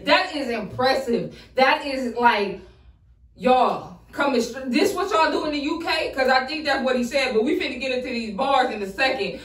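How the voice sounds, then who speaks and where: A woman hosting a reaction show who talks excitedly and profanely straight to her viewers. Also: sits high, moderate pace, recorded from a distance. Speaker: host reacting to rap freestyles. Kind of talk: casual reaction commentary. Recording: roomy sound, mic set back.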